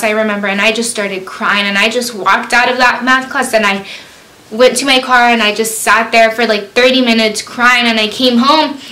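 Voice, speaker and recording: Young woman chatting a storytime vlog, lots of "like", bright voice, roomy echo. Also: on the high side. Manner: chatty, full of fillers, reenacts her own panicked quotes. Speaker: vlogger. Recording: echoey room.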